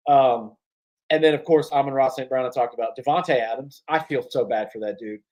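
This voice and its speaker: Male podcast co-host, casual and profane, animated storyteller, mid-pitched voice. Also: a little fast, low-quality recording. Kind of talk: casual sports chat.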